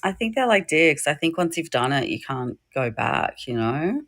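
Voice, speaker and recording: A woman's voice: deep voice, very animated, moderate pace, a bit bright. A woman, a comedian guest who laughs often and teases. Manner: giggly, teasing.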